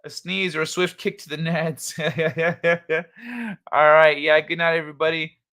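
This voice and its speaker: A man's voice: a little high, measured pace, pushed and bright. A man hosting a casual late-night livestream, laid-back and chuckling as he reads the chat aloud. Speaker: livestream host.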